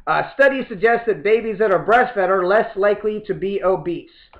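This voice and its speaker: A man's voice: high-pitched, moderate pace, few pauses, low-quality recording. A man hosting a political comedy show, reading the news with a sarcastic, mock-outraged tone. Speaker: podcast host. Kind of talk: satirical political commentary.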